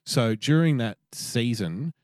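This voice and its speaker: A man's voice: medium pitch, takes it slowly, no room sound, clean studio sound. A man with an Australian accent, co-hosting a podcast, swearing freely while telling a story in casual chat. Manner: swears a lot, animated storytelling. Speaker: podcast co-host.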